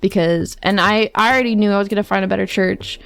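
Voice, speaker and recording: A woman's voice: mid-range voice, fairly even intonation, quick pace, creaky, fairly bright tone, clean tone, no room sound, soft background music. A woman streamer telling a long personal story in casual chat, chatty, quoting others and laughing often. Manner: chatty, tells stories with quoted asides, laughs often.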